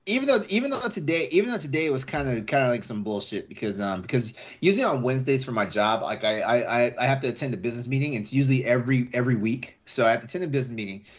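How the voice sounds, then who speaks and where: A man's voice: mid-range voice, lively intonation, rapid-fire, hardly any pauses, lo-fi sound. A man hosting a casual late-night podcast, rambling and repeating his words, and laughing often. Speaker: podcast host.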